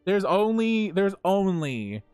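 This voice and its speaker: A man streaming live from home, chatting casually with his viewers while he plays. He talks in a lively, profane way and laughs often. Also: sits high, slow, clean tone, no echo, faint music behind.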